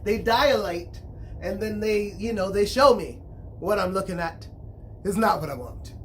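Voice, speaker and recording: A woman's voice: medium pitch, a little slow, slight background noise. A woman talking to the camera in a casual monologue, frank and blunt, swearing freely, repeating words as she thinks and often checking in with her listeners. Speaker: spiritual consultant and vlogger.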